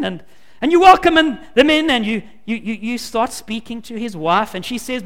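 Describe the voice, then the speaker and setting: A man preaches with a strikingly high, lively voice that leaps up and down. He tells his story animatedly, doubling back on his words. His voice rings with the long reverb of a large hall. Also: a little fast. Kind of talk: sermon.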